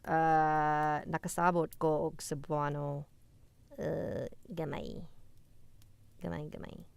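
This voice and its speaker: Low-voiced woman hosting a live story stream. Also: little pitch movement, slow pace, gravelly. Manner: casual, chatty and easily amused while answering chat. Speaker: host reading scary stories. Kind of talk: live-stream story reading and chat replies. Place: indoors.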